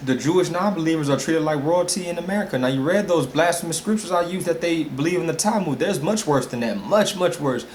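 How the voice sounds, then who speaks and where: A man giving an emphatic, rambling, informal religious talk straight to his viewers. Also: mid-range voice. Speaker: religious video speaker. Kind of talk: informal preaching monologue. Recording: roomy echo with faint hiss.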